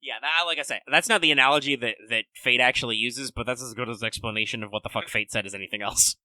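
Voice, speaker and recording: A man's voice: mid-range voice, quick pace, pushed and bright, no room sound. A man co-hosting a podcast, explaining things in a loose, rambling way with lots of "like" and casual swearing. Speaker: podcast co-host. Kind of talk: casual chat.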